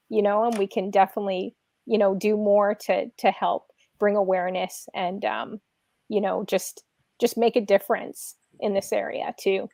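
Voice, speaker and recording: A woman's voice: mid-range voice, creaky, darkish tone, no room sound, clean studio sound. A woman hosting a live video stream, chatting casually and emotionally, rambling with many fillers. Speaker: livestream host. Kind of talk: casual livestream chat.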